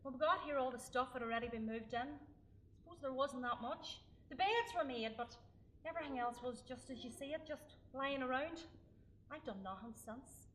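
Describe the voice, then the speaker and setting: An actress with a Northern Irish accent playing a middle-aged widow, weary and flustered. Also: female voice, high voice, slight background noise, rough recording. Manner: flustered, softly welcoming. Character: newly widowed woman, grieving and weary. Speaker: Vera. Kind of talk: stage play acting.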